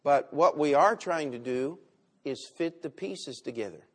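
A man preaching a sermon, with big swings between loud and quiet. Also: a little high, expressive, a little slow, breathy edge. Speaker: pastor.

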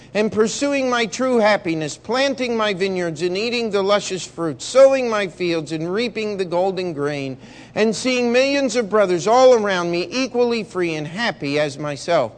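Earnest, eloquent patriot general, proud and calm, slightly high voice as a man reads him aloud. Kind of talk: read-aloud storybook dialogue.

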